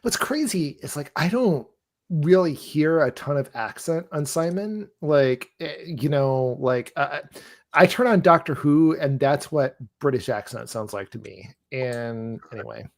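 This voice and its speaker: A man's voice: on the high side, expressive, a little slow. Nasal American man with a Southern touch. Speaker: guest asking questions. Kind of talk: casual chat.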